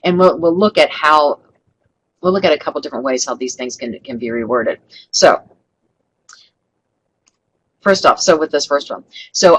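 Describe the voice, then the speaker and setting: A woman's voice: deep voice, moderate pace, pauses often, slightly rough, low-quality recording. A middle-aged woman running an online training webinar, upbeat and coaching, who acts out sample customer lines.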